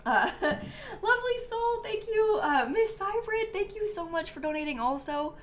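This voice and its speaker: With an extremely high, expressive voice and an unhurried pace, a woman runs a casual live stream. She chats and giggles through plenty of ums and likes while reading out viewer names and thanking them.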